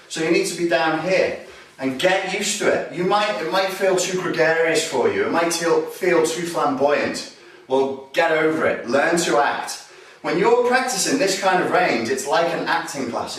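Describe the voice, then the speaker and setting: A man runs a self-defense lesson, slipping into loud, aggressive street-talk impressions between calm explanations. His voice sits a little high for a man. The sound is very echoey and comes from well away from the mic. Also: recorded from a distance. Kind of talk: demonstration lesson. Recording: roomy echo, voice from off-mic.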